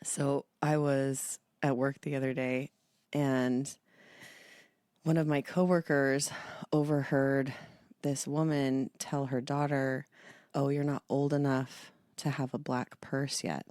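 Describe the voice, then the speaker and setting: A woman's voice: a bass voice, flat delivery, slow pace, a little mellow, no room sound, studio quality. A young adult woman co-hosting a podcast, chatting casually with a playful, teasing manner. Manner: playful, teasing, laughs often. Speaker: podcast co-host. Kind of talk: casual chat.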